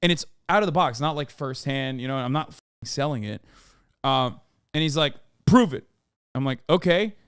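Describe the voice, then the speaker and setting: A man casually telling a story on a podcast, animated and swearing freely, acting out the people in it. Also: mid-range voice, normal speed, clear, resonant tone, dry recording, clean studio sound. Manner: animated, swears, acts out quoted officials.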